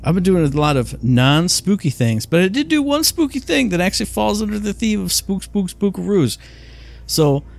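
A man co-hosting a casual podcast, telling stories in an enthusiastic, rambling way. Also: medium pitch. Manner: enthusiastic, rambling, animated storytelling. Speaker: podcast co-host. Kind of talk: casual chat.

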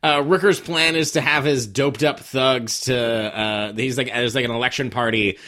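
A man's voice: mid-range voice, steady tone, normal speed, bright, forceful tone. A man co-hosting a movie podcast, chiming in with jokes, trivia and corrections. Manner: jokey, chimes in with trivia and corrections. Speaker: podcast co-host. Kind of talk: casual movie recap chat.

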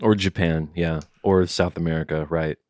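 A man's voice: low-pitched, fairly even intonation, normal speed, darkish tone, dry recording. Man, dry sarcastic podcast chat, crude humor, dry close sound. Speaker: podcast co-host. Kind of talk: casual chat.

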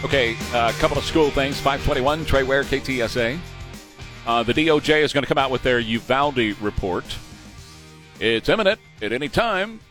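A man's voice: medium pitch, animated, moderate pace, fairly bright tone, faint music behind. A man hosting a morning talk radio show, blunt and opinionated, speaking into a studio microphone. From Texas.

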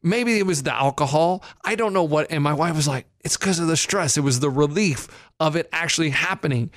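A man's voice: fairly high pitch, a little fast, no room sound, studio quality. A man co-hosting a podcast, telling a story in casual chat and acting out quoted voices. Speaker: podcast co-host.

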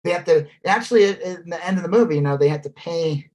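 A man co-hosting a podcast in casual chat, rambling and animated, swearing freely and mimicking posh voices. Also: a little high, fast. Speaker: podcast co-host.

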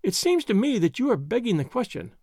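A man's voice: sits high, sing-song, fairly quick, no room sound, pitched above the performer's own voice. A man voicing a dry, composed woman doctor. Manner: dry, composed, gently ironic. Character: cool, quick-witted young woman doctor. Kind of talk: audiobook character voice.

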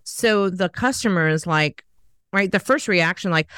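A woman's voice: fairly low pitch, measured pace, clean tone, no echo, clean studio sound. A woman host, chatting in a casual interview and acting out the dialogue in her stories. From Southern United States. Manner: animated storyteller who acts out quoted dialogue. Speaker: podcast host.

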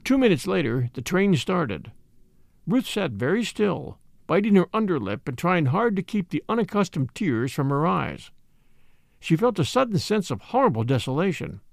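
Brief: male audiobook narrator, slightly high voice, measured and expressive, dry booth sound. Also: vocal fry, dry recording. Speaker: audiobook reader. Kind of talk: scripted narration.

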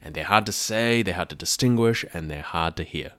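A man hosting a podcast, explaining a language in a clear, methodical way with dry asides. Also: low-pitched, a little fast, a bit bright, dry recording. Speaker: podcast host teaching about a language.

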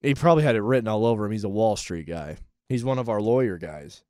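A man co-hosting a radio show, riffing in casual banter with animated delivery, acting out quotes. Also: lowish voice, fast, dry recording, clean studio sound. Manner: animated, laughing, acts out quotes.

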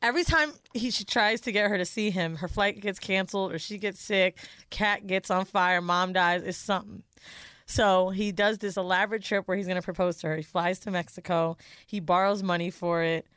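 A woman co-hosting a podcast, telling a long reality-show story in a profane, animated, casual way. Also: medium pitch, moderate pace, smooth, dry recording. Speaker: podcast co-host.

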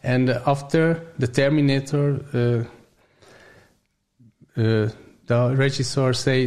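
A man whose first language is Hungarian talks as an interview guest in English with a Hungarian accent. His voice sits in an ordinary middle pitch. He stops, restarts and hunts for words as he goes. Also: steady tone, a little mellow. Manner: halting, searching for words in English. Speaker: gym owner.

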